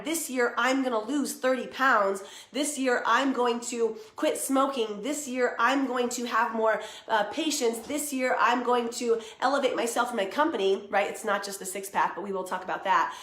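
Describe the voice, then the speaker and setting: A woman's voice: on the high side, a bit bright, reverberant. A young woman hosting a casual motivational live stream, chatty and upbeat, greeting viewers by name. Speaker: live video host and coach.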